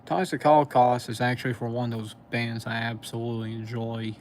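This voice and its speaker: A man with a Southern US accent chatting on a live stream, pausing often as he recalls band names. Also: medium pitch, level tone, darkish tone, slight background noise. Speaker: metal music streamer. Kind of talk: casual live stream chat.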